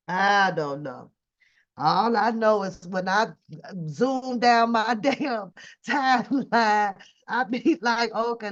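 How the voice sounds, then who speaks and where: A woman hosting a reaction livestream, talking in a drawling, profane, mocking way. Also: on the high side. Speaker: reaction channel host. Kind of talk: casual livestream commentary. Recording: dull lo-fi home stream audio.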